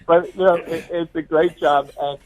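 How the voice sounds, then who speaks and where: A man's voice: fairly high pitch, fairly even intonation, moderate pace, crowd noise, rough recording. An older retired police officer from New City, phoning in to tell stories in a chatty way, repeating words as he goes. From New York City. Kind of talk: phone-in storytelling.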